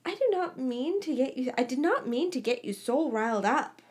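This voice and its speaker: A woman voicing a gentle female ghost of a castle, speaking softly and soothingly as she reads a story aloud. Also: sits high, animated, normal speed.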